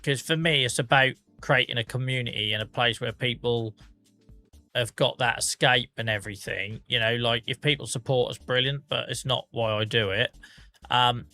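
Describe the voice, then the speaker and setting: A man with a mid-range, fairly even voice speaks at normal speed, pushed and bright, with faint music in the background. He hosts a game livestream, reading out viewer comments and chatting casually with a self-mocking streak while he plays.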